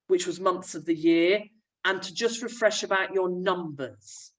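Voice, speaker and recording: A woman's voice: on the low side, lively intonation, normal speed, distant mic, poor audio. A young woman, a primary school teacher, chattily explaining a remote lesson while sharing her screen. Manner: friendly, chatty classroom explaining.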